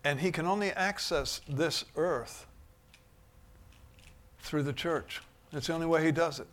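A man delivers a sermon in a somewhat high voice. He drifts between soft, thoughtful stretches and sudden loud, emphatic peaks. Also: measured pace. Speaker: preacher.

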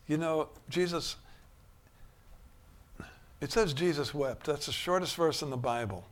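A man delivers a sermon in a somewhat high voice. He drifts between soft, thoughtful stretches and sudden loud, emphatic peaks. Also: a little slow. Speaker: preacher.

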